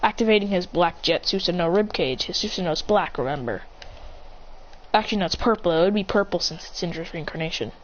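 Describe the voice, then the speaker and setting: A woman's voice: on the low side, a little fast, dull audio, slight background noise. A woman improvising a fan-fiction story aloud, rambling and correcting herself as she goes.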